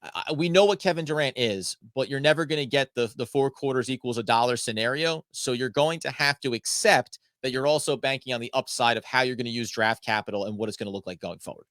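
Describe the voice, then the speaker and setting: A man guesting on a sports podcast, talking through ideas in a relaxed, playful way. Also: mid-range voice, quick pace, hardly any pauses, dry recording, clean studio sound. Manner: relaxed, playful, thinks aloud. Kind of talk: casual sports chat.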